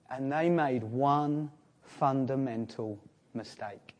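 A man preaching a sermon, telling a Bible story with animated swings between loud emphasis and hushed, slow lines. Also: mid-range voice.

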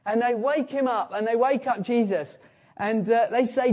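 A man preaching a sermon, telling a Bible story with animated swings between loud emphasis and hushed, slow lines. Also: extremely high pitch.

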